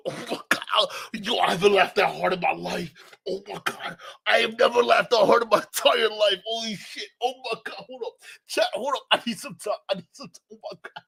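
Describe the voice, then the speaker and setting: Man, live streamer, high pitch, bright forceful tone, slangy, profane, talks to chat, loud laughter. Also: moderate pace, vocal fry, breathy edge. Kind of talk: live reaction commentary.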